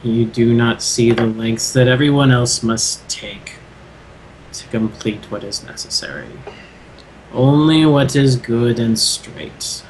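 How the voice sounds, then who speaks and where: A man voicing a proud, scornful male dragon in a tabletop game, speaking in a low, slow, contemptuous way. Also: a little hiss or hum, close to an everyday voice, poor audio.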